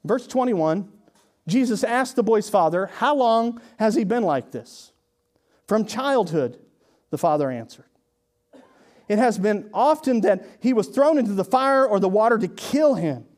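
A male pastor preaching a sermon in a conversational way, with sarcastic asides, swinging from hushed lines to emphatic ones. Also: high-pitched, big pitch swings, measured pace.

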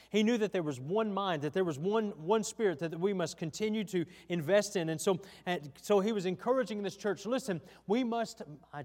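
Male pastor, slightly high voice, folksy sermon delivery, echoing church hall. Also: darkish tone. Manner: folksy preaching with frequent restarts. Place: church sanctuary.

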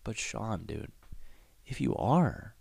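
A young man rants and riffs in a loose, profane comedy podcast style. His pitch swings all over the place, and he takes his time getting the words out. The sound is dry and close to the mic. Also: takes it slowly, creaky, husky, dry recording. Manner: profane, rambling, animated riffing. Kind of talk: casual comedic rant.

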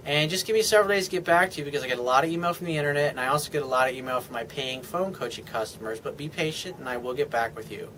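A man's voice: mid-range voice, very fast, hardly any pauses, a bit bright, a little hiss or hum. A man talking as a dating coach in a casual video monologue, rambling and frank, full of "I mean" and "you know.".

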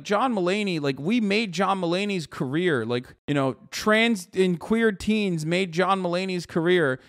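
A man's voice: high voice, a bit bright. A young man hosting a live stream, ranting in profane, sarcastic commentary straight to his chat. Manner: profane, sarcastic, heated rant. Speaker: streamer host.

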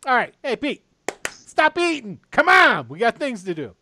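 A man's voice: high voice, sing-song, fairly quick, a bit bright, a little hiss or hum. A man doing a chatty wheedling tavern boss. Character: chatty male tavern boss hiring crew.

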